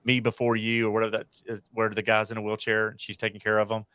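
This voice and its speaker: A man's voice: on the low side, monotone, fast talker, bright, forceful tone, smooth, no room sound. Opinionated American man, dry close mic. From United States. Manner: rambling, self-correcting, opinionated. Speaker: podcast host. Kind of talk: casual panel chat.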